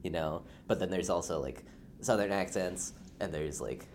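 A man's voice: sits low, normal speed, a little mellow, a little hiss or hum. A man from the United States with a General American accent, chatting casually as a podcast guest and rambling with lots of filler words. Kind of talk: casual chat.

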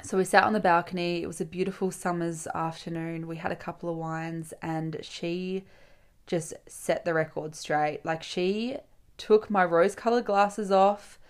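A woman's voice: lowish voice, steady tone, normal speed. Chatty young woman. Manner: chatty, swears freely, acts out friends' lines. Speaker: podcast host. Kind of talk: casual solo podcast storytelling.

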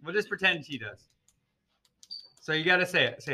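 Upbeat high-voiced male teacher. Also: lively intonation, normal speed, pushed and bright. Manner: upbeat, coaxing, laughs often. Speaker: ESL teacher hosting a class show. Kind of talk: casual classroom podcast. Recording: noisy mic with clicks.

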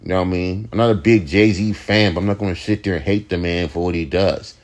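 A young man with a fairly low voice talks in a loose, late-night podcast monologue. He rants and rambles with plenty of swearing and false starts. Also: brisk. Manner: profane, ranting, rambling with restarts. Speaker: podcast host, rapper.

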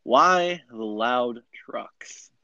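A young man runs a podcast interview, reading out questions in a playful, amused way. His voice sits at an ordinary pitch. The sound is dry and dull, like a basic home recording. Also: animated, drawn-out words, pushed and bright, no room sound. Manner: amused, playful, laughs often.

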